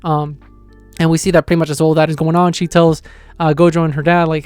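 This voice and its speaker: A man giving a casual, rambling reaction review of a manga, full of fillers and excited retelling. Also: a little high, quick pace, clean tone, dry recording, faint music behind.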